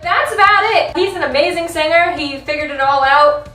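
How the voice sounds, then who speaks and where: Woman vocal coach, high bright voice, animated reaction chat with sung demos, roomy and slightly distant sound. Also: normal speed. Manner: enthusiastic, breaks into sung demonstrations. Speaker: voice teacher. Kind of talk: reaction video analysis, casual chat.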